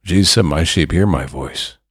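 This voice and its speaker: A man's voice: low voice, moderate pace, a bit bright, slightly rough, dry recording, studio quality. A man preaching a sermon, fervent and building to emphatic bursts.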